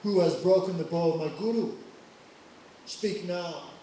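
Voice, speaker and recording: A man voicing a furious, proud male warrior sage who shouts and boasts, picked up from far off in an echoey hall. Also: on the high side, steady tone, a little fast, a little hiss or hum, natural voice.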